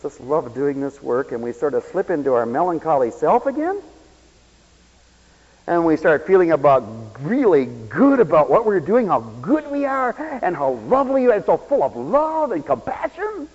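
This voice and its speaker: This is a man preaching a sermon in a high, lively voice. He leaps between loud exclamations and quiet asides and acts out the people he quotes. The sound is a dull, lo-fi radio recording with long hall reverb.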